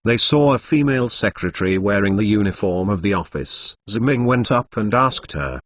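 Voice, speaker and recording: A man narrating a translated novel in stilted phrasing, even reading punctuation aloud. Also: lowish voice, moderate pace, hardly any pauses, dry recording.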